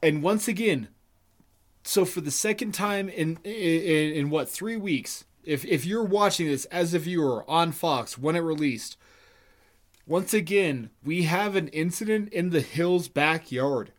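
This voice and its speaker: A man's voice: on the high side, measured pace. A man co-hosting a podcast, joking around and swearing emphatically. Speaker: podcast co-host. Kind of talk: casual podcast chat.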